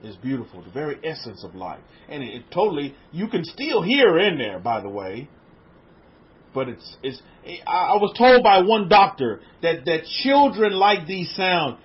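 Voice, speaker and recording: A man leading an online spiritual class, asking his listeners questions in a gentle voice that often sinks to a hush. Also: a little high, big pitch swings, moderate pace, slightly rough, muffled recording. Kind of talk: interactive spiritual teaching.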